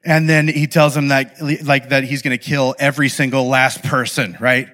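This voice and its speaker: A young man speaking to a live audience in an animated, playful way, often checking in with the audience. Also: medium pitch, normal speed. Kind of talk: lively talk to a live audience.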